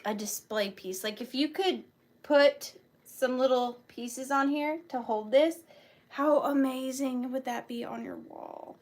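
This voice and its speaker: Brief: gushing woman host of a live sale, fast chatter, bright and slightly high voice. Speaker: online antique seller. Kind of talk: live-selling vlog chat.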